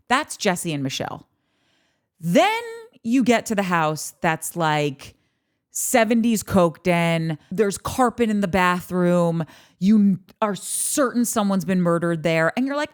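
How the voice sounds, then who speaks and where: A woman's voice: fairly low pitch, lively intonation, measured pace. A woman hosting a podcast, chatting casually and animatedly, swearing freely and breaking into acted-out quotes. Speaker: podcast host. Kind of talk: casual commentary on a reality show.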